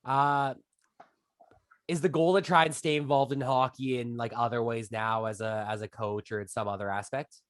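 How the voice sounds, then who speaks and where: A man's voice: medium pitch, fairly even intonation, moderate pace, no echo, studio quality. A man co-hosting a podcast interview, asking questions in a hesitant way with fillers. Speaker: podcast co-host. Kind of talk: casual interview chat.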